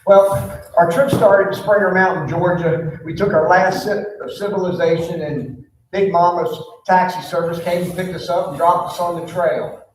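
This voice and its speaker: A man's voice: high-pitched, steady tone, normal speed, slight background noise. A man, a pastor telling a folksy story from the pulpit with many fillers. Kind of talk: storytelling sermon. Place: church sanctuary. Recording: echoey church hall, mic far off.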